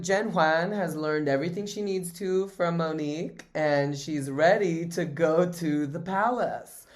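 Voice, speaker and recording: A man's voice: a little high, measured pace, hardly any pauses. A man co-hosting a podcast, recapping a TV drama in loose casual chat with crude jokes and frequent laughter. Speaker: podcast co-host.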